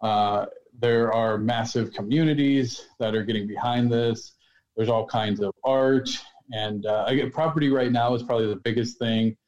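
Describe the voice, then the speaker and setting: Male podcast co-host, jokey banter, mid-pitched, slightly muffled recording. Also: fairly even intonation, normal speed, darkish tone. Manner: jokey, laughs easily. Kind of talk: casual podcast chat. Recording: slightly dull, muffled sound.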